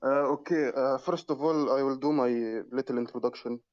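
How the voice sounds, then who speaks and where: A man from Egypt with an Egyptian Arabic accent, speaking English as a second language in a casual religious discussion, slow and hesitant with many restarts. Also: mid-range voice, steady tone, a little mellow, no room sound, highs cut off. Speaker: call-in guest.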